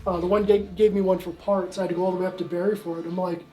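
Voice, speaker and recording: A man's voice: high-pitched, little pitch movement, rapid-fire, warm tone, a little hiss or hum, low-quality recording. A man casually telling stories as he shows guests around his collection, rambling with lots of fillers and restarts. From Canada. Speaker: museum owner giving a tour. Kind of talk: casual storytelling tour.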